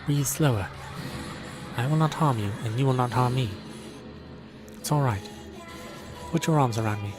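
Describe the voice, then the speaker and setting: A man voicing a calm, patient woman who speaks in a measured, gentle and reassuring way, in a fan voice dub of a visual novel. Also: medium pitch, music in the background, close to an everyday voice. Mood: soothing.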